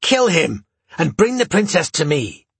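A man voicing a fat, angry noble duke who whines and shrieks in a high, shrill voice. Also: big pitch swings, normal speed, a bit bright, husky, no echo, heavily acted. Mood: commanding. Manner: shrill, whining.

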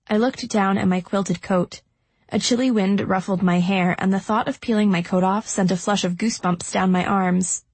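A woman reads a first-person novel aloud in a steady, even way. Her voice has a husky, breathy edge. The close studio mic is very dry. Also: medium pitch, moderate pace, no room sound. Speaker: audiobook narrator. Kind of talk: first-person audiobook narration.

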